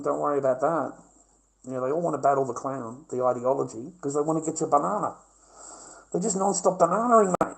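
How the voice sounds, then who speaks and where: Brash, foul-mouthed Australian man, high voice. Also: creaky, darkish tone, rough recording. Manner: brash, combative, swearing constantly. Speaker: livestreamer. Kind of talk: profane livestream rant.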